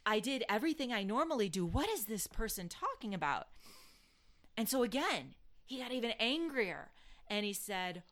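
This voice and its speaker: A woman telling a family story in casual chat, animated with hesitant restarts and hushed dramatic moments. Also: a little high, moderate pace.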